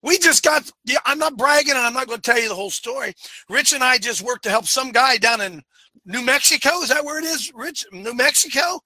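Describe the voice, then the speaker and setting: A man hosting a talk show, preaching his points fervently and emphatically, at times yelling. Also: very high-pitched, animated, fairly quick, no room sound.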